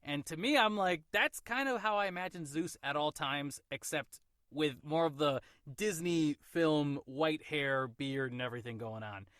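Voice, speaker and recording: A man hosting a casual movie review podcast, animated and quick to float theories. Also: on the high side, smooth, no echo. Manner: animated, theorizing, laughs often. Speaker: podcast host.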